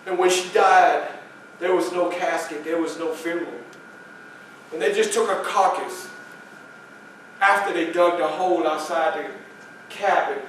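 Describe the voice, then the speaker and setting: A man performing a first-person living-history monologue as a famous former slave, telling his life story to an audience, with loud excited quotes and quiet, grieving passages. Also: on the high side, a little hiss or hum, natural voice. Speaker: historical reenactor. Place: public library hall. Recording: distant voice in an echoey hall.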